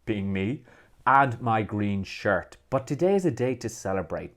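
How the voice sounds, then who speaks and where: A man with an Irish accent presenting a marketing tutorial video with lively, swooping emphasis. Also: lowish voice, unhurried.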